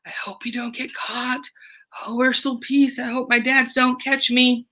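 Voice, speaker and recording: A woman voicing a giddy, nervous young woman in love, in a high, bubbly tone. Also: level tone, measured pace, bright, forceful tone, exaggerated voice.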